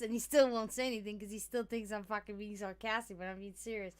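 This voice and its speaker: A woman talking casually to her stream audience in a slightly high voice. She rambles, swears freely and breaks into laughter often. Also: steady tone, quick pace, hardly any pauses, clear, resonant tone. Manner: chatty, profane, laughs often. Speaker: livestream host.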